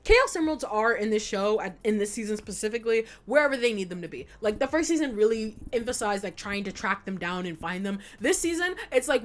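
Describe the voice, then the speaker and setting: A young woman giving a casual retrospective commentary, animated and emphatic, swearing freely as she talks. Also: medium pitch, fast talker, few pauses. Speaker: video essayist.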